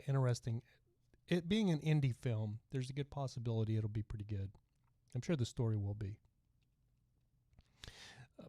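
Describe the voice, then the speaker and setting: A middle-aged man with a soft Texan twang hosts a casual livestream podcast, rambling along and reading out comments from viewers. His voice is mellow and dark. The sound is dry and close, with no room echo. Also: medium pitch. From Texas. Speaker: podcast host.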